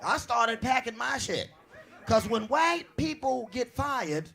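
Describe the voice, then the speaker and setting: A man doing a stand-up comedy set on a club stage, brash and profane, telling stories loudly to a live audience. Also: extremely high pitch, slow, creaky. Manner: brash, profane, animated storytelling.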